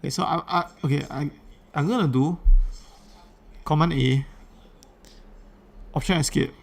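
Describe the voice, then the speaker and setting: A man's voice: on the high side, unhurried, gravelly. A man streaming live, chatting casually while fumbling with his settings and repeating himself. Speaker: livestreamer. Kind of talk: casual livestream chat.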